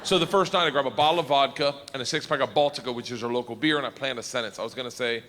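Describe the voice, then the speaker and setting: Rowdy stand-up comic in a big hall. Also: male voice, mid-range voice, very fast. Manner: loud, rowdy, laughing through punchlines. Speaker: stand-up comedian. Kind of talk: stand-up storytelling. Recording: live show in a hall, audience noise.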